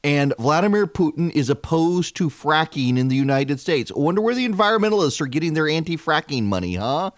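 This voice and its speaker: A man, hosting a talk radio show in an animated, wry way with frequent fillers. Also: a little high, fairly quick, hardly any pauses, no room sound, studio quality. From Louisiana. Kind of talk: opinionated talk radio monologue.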